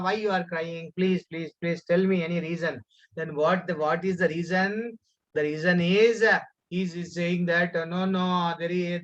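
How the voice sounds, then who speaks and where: A man's voice: fairly high pitch, fairly bright tone. A man with an Indian English accent teaching a children's scripture class online, telling a story with many fillers and restarts and calling on pupils by name. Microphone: video call. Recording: muffled online call audio.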